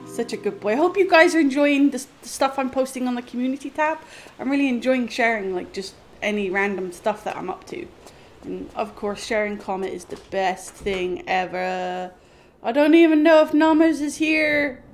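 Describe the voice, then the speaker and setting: A woman's voice: high voice, normal speed. A young woman streaming a video game live, chatting with viewers, swearing, laughing and talking to her dog. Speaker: gaming streamer.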